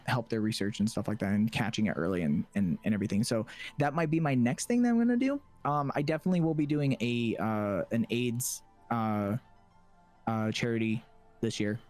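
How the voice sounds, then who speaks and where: A man's voice: on the low side, darkish tone, soft background music. Young man chatting with many fillers. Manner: halting, many fillers and restarts. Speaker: podcast guest, streamer. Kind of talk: casual interview chat.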